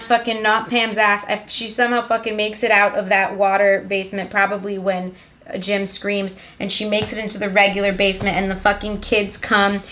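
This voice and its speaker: A woman's voice: medium pitch, fairly bright tone, slight background noise. A young woman giving a rambling, sarcastic and profane comedic plot summary of a film. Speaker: comedic movie recapper.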